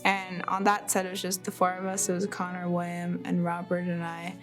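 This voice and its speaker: A woman's voice: lowish voice, monotone, brisk, music in the background. A young woman from a film crew recalling the shoot in a chatty way, full of fillers. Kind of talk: behind-the-scenes recollection.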